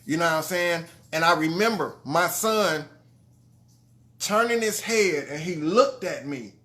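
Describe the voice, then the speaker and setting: A man's voice: a little high, expressive, unhurried. A man telling a heartfelt personal story to his audience, earnest and conversational, often checking in with "you know what I'm saying". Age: adult father of grown sons. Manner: trailing restarts and soft drops in level.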